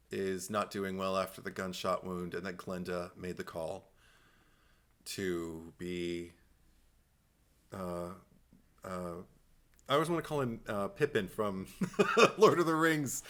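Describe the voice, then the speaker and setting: Bright-voiced, animated podcast host. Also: male voice, on the low side. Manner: animated, laughs often, halting restarts. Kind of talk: casual chat.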